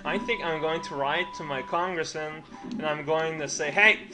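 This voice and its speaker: A man giving casual, rambling commentary while playing a video game, full of jokey mock-formal asides and sudden excited outbursts. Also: fairly high pitch, moderate pace. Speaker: let's play commentator. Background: game music.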